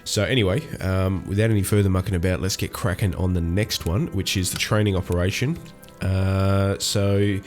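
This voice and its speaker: A man's voice: deep voice, steady tone, normal speed, few pauses, faint music behind. An Australian man giving casual gameplay commentary, rambling with many ums and restarts. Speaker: gaming YouTuber.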